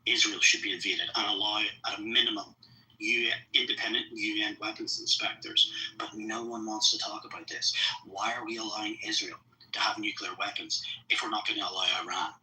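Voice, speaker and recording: A man's voice: on the low side, steady tone, a little fast, bright, forceful tone, poor audio. A man in a live online debate, arguing in a combative, sarcastic way.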